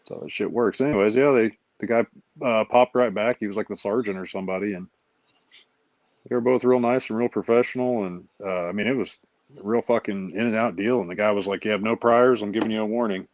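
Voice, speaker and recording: A man with a low voice tells stories in a casual chat, animated and salty with his language. The sound is dull and lo-fi, with dry, close pickup. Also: a little fast, no echo. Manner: profane, animated storytelling with acted-out quotes. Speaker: show host.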